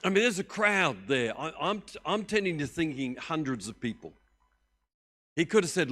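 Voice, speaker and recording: A middle-aged man, preaching a sermon as pastor, telling the story with lively acted-out voices that swing from loud to hushed. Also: a little high, moderate pace. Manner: animated storytelling, acting out voices with big swings in loudness.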